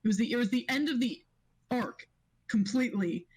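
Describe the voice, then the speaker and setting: A woman's voice: a little high, moderate pace, darkish tone, husky, rough recording. Rambling woman guest telling game stories. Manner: rambling, with many restarts and laughs. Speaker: podcast guest and game master. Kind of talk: casual podcast chat.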